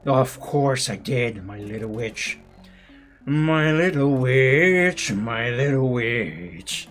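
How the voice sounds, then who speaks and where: A man voicing an evil male creature who taunts a young witch in a slow, gloating drawl. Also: medium pitch, animated, a bit bright, soft background music. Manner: slow, gloating, drawn-out menace.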